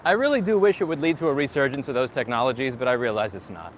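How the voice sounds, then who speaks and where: A man's voice: medium pitch, expressive, quick pace, a little hiss or hum. Sarcastic man ranting on a street. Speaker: tech streamer. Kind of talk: casual live chat walking outdoors.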